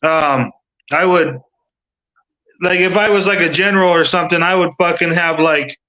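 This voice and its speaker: A man with a fairly high, very bright and forceful voice rants on a video-call livestream. He rambles, stacks filler words and swears freely in loose casual chat. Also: moderate pace, poor audio. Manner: rambling, profane, many fillers. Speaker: panel commentator.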